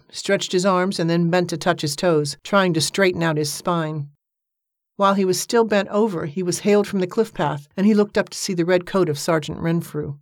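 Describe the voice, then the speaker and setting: A narrator reading an audiobook in an even, measured way, giving the characters light voices. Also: medium pitch, no echo, studio quality.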